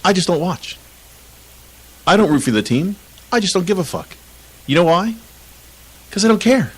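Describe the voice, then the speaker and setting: A man's voice: sits high, sing-song, moderate pace, breathy edge, poor audio. A man co-hosting a casual soccer podcast, ranting with lots of swearing and frequent laughter. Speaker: podcast co-host.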